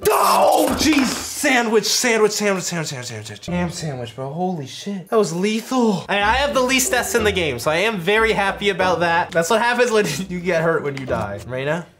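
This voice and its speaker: A young man commentating his own gameplay, loud and excitable, yelping and joking as he gets shocked. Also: high-pitched, brisk, hardly any pauses, over music. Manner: loud, excitable, yelps and jokes under shocks. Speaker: gaming YouTuber.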